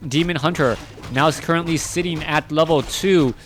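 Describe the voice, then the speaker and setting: A man's voice: fairly high pitch, moderate pace, soft background music. A man doing solo play-by-play commentary on a strategy game, chatty and correcting himself as he goes. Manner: chatty, self-correcting, rising excitement in big moments. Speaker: esports caster.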